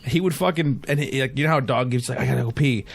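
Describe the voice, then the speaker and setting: A man hosting a beer podcast, telling stories in casual chat, profane and animated. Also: mid-range voice, fast talker, gravelly, no echo. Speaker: podcast host.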